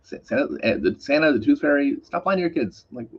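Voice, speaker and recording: A man's voice: on the high side, very animated, fast talker, creaky, husky. A man co-hosting a casual talk show, joking and chiming in with teasing remarks. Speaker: co-host. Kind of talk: casual podcast chat. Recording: dull lo-fi sound.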